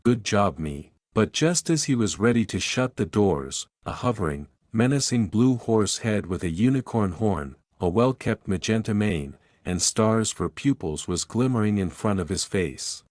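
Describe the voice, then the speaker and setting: A man narrating a fan-written story in an even, unhurried read. His voice sits low and is recorded close and dry, with no room sound around it. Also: no echo. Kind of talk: scripted fan-fiction narration.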